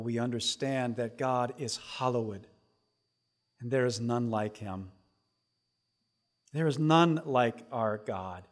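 A middle-aged man preaching a sermon as pastor, swinging between hushed asides and loud, emphatic lines. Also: medium pitch.

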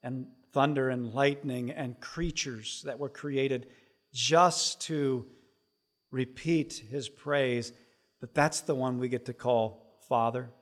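A middle-aged man preaching a sermon as pastor, swinging between hushed asides and loud, emphatic lines. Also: medium pitch, fairly even intonation, slow pace.

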